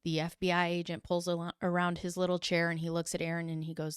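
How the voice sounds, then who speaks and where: A woman telling a true crime story with animated energy, slipping into quick impressions of the people involved. Her voice sits a little low, and the sound is close and dry. She adds sarcastic asides. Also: clear, resonant tone, dry recording. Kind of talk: casual true crime retelling.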